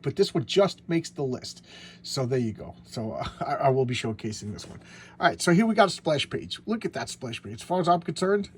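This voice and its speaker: A man's voice: a little high, darkish tone, a little hiss or hum. A man giving casual show-and-tell commentary on a comic book. He rambles, stumbles over his words and restarts, and chuckles to himself along the way.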